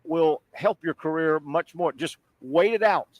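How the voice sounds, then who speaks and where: A man's voice: on the high side, a little slow, dull audio. A man co-hosting a casual sports talk show live from a sports bar, chatty and agreeable, often tossing in "right?" and "yeah". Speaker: sports radio co-host.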